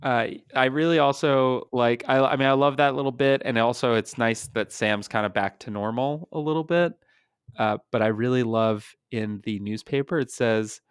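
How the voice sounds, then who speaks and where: A man's voice: mid-range voice, moderate pace, clean tone, no echo, clean studio sound. A man co-hosting a casual comic book podcast, talking thoughtfully and hesitantly with many fillers. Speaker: podcast co-host. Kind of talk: casual chat.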